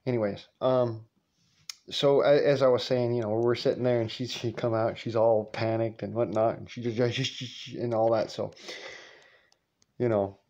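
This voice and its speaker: A man's voice: mid-range voice, fairly even intonation, normal speed, darkish tone, lo-fi sound. A man telling a family story in a casual vlog, rambling, swearing freely and laughing often.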